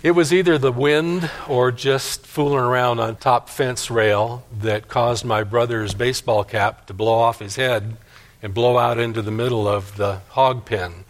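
A man's voice: mid-range voice, fairly even intonation, unhurried. Older man preaching a sermon. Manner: folksy storytelling preacher. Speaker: pastor. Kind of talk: sermon with personal story.

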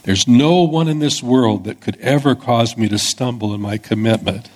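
A man voicing an earnest male disciple who pleads and insists that he will stay loyal, with a husky voice, within a sermon. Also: mid-range voice, normal speed, a little mellow, close to an everyday voice. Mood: fervent pleading. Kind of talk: acted-out scripture in a sermon.

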